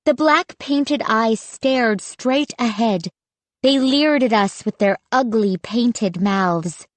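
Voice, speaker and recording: A woman reading a spooky children's audiobook in measured, suspenseful scripted narration. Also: a little high, dry recording.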